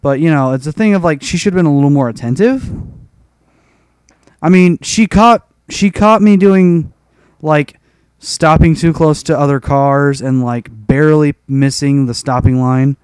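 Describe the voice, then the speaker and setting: A man's voice: fairly high pitch, measured pace, a little mellow, clean tone, no room sound. A young man telling a rambling, profane story in a casual rant over gameplay. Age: young adult. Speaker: gaming commentator.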